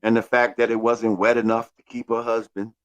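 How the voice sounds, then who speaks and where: A man's voice: mid-range voice, level tone, fairly quick, no room sound, lo-fi sound. A male livestream host chatting casually, thanking viewers one by one in a laid-back way.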